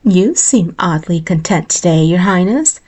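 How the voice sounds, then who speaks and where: A woman's voice: lowish voice, animated, measured pace, darkish tone, slightly rough. Woman playing a spiteful, haughty concubine. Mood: scornful. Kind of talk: storybook reading.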